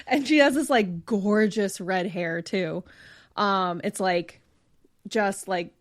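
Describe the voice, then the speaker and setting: A woman co-hosting a podcast, chatting casually with drawn-out words and frequent fillers. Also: medium pitch. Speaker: podcast co-host. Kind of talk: casual chat.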